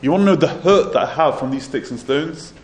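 A man's voice: fairly high pitch, lively intonation, a little fast, a little hiss or hum, close to an everyday voice. A man voicing a grieving, earnest prophet. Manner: earnest, patient explaining. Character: grieving wise male prophet, patient and earnest. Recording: roomy echo, faint ambience.

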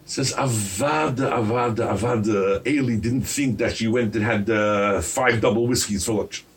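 A man preaching a sermon as a rabbi, animated and firing rhetorical questions at his listeners. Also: fairly low pitch, normal speed, recorded from a distance.

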